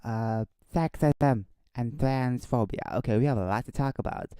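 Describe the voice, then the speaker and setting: A man's voice: medium pitch, moderate pace, warm tone, clean tone, dry recording. A man hosting a casual live stream, rambling and correcting himself as he chats and reads out news on a desk microphone. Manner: rambling, self-correcting, chuckling asides.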